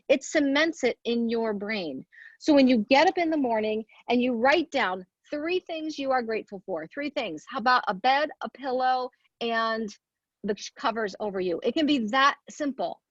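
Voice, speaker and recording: A woman's voice: a little high, no room sound, muffled recording. A woman giving an earnest motivational talk, asking rhetorical questions and counting off her points. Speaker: speaker at a women's leadership event.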